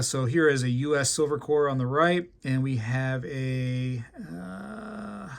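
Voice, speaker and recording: A man's voice: mid-range voice, vocal fry. A man hosting a casual show-and-tell video, chatty and enthusiastic, rambling with lots of fillers. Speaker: coin collecting video host.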